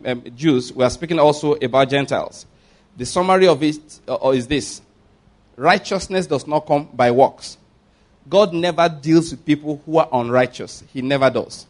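A man preaching a sermon, reading scripture aloud slowly and with rising emphasis, then explaining it briskly and addressing the congregation directly. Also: a little high. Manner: addresses the congregation directly, asking them to repeat words. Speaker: pastor.

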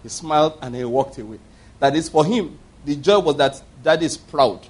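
A man's voice: a little high, moderate pace, slightly rough. A middle-aged man preaching a sermon, telling stories with emphatic repetition. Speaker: pastor.

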